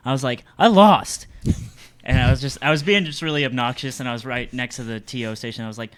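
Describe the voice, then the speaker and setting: A man's voice: mid-range voice, steady tone, racing, a bit bright, clean tone, no echo. Young man bantering crudely, dry sound. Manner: joking, crude teasing banter. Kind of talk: casual chat.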